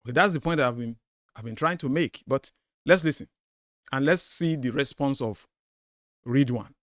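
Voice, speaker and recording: A man's voice: medium pitch, normal speed, dry recording, clean studio sound. A man hosting a commentary on a debate clip, emphatic and repeating his points to drive them home. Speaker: host of a commentary video.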